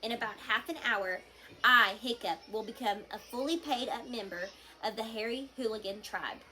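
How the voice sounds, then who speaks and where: A woman voicing a skinny, anxious boy who talks in a hushed, urgent way in a storybook read-aloud. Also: a little high, normal speed, low-quality recording.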